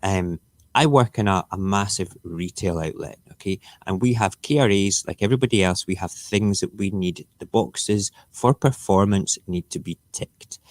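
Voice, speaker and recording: A man's voice: sits low, moderate pace, darkish tone, no room sound. A man who hosts a casual morning live stream, ranting emphatically and sarcastically. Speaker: live-stream show host.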